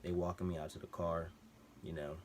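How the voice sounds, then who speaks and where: With background noise and a TV on behind him at home, a male vlogger speaks briskly in a low voice that barely shifts in pitch. The story he tells is slangy and meandering, with frequent digressions.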